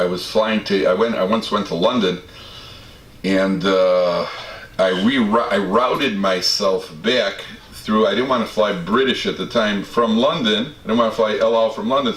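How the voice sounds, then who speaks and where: A man's voice: on the low side, moderate pace, fairly bright tone. A male rabbi telling humorous personal stories to an audience, with self-deprecating jokes and frequent stammered restarts. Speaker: rabbi and lecturer. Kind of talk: storytelling talk to an audience. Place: community study hall. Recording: roomy hall from a distance, faint background ambience.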